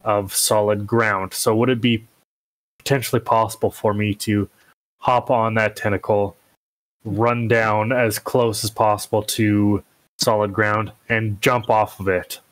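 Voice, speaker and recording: Male player, lowish voice, casual and thinking out loud at the table. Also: flat delivery, measured pace, no room sound, low-quality recording. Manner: thinks aloud, asks questions.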